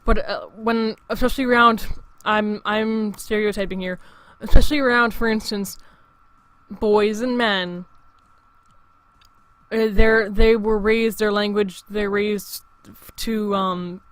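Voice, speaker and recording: A man's voice: high-pitched, fairly even intonation, slow pace, a bit bright, clean tone, dry recording. A young man in his late teens, hosting his own show in a rambling, profane casual monologue full of restarts. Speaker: show host.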